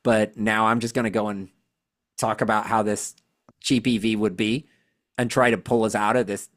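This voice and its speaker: A podcast co-host in a casual chat, sarcastic and quick to laugh. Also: mid-range voice. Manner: animated and sarcastic, laughs often.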